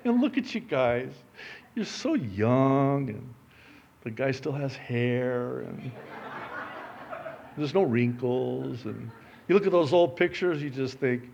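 A middle-aged man preaching a sermon, joking and poking fun at himself, swinging between loud emphatic lines and quiet asides. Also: mid-range voice, expressive, slow pace, gravelly, long pauses. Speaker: pastor.

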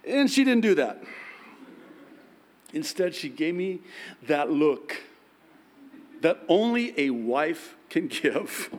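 Brief: male preacher, unhurried sermon delivery, playful self-deprecation, church reverb. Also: a little high, big pitch swings. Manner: self-deprecating storytelling, acts out quotes. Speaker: pastor.

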